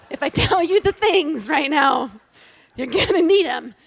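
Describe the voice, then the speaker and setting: A woman giving a humorous, self-deprecating inspirational talk to a live audience on stage, animated and joking. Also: high-pitched, measured pace, gravelly. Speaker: inspirational speaker at a women's event.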